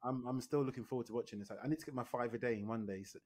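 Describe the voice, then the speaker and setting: A man's voice: medium pitch, a little mellow. Chatty man co-hosting a podcast. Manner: chatty, agreeable, quick reactions. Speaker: podcast co-host. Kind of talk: casual chat.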